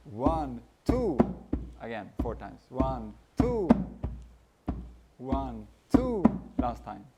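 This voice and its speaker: Slow-talking man teaching drum rhythms. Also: mid-range voice, wildly swooping pitch, creaky, loud music behind the voice. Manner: counts beats aloud and vocalizes rhythms while playing. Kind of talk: relaxed music lesson. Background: hand drum playing.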